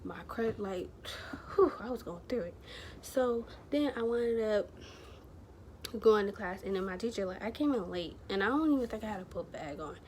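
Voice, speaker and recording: Woman vlogger, mid pitch, chatty and rambling, slangy storytelling, faint background hiss. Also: lively intonation, normal speed, darkish tone. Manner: rambling, chatty, heavy use of filler words and slang. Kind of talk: casual storytelling to camera.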